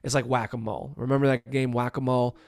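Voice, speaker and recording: A man's voice: medium pitch, level tone, quick pace, a little mellow, no echo, studio quality. A man hosting a candid conversation about recovery, blunt, profane and self-deprecating.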